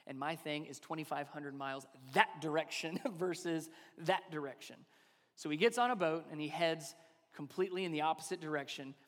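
A male pastor in his thirties delivers a sermon in a fairly high voice, keeping it conversational and full of rhetorical questions. His words ring out with the long reverb of a large church hall. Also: a bit bright.

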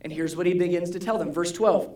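A pastor gives a relaxed, conversational sermon in a roomy church sanctuary, and the voice echoes around the space. The speaker keeps checking in with the congregation through quick questions and circles back to the same key words. The pitch sits in a middle range. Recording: roomy hall echo.

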